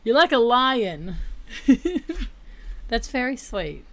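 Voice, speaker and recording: A woman's voice: on the high side, very animated, drawn-out words, fairly bright tone. A young woman hosting a casual livestream chat, candid and chatty, laughing often. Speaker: livestream host.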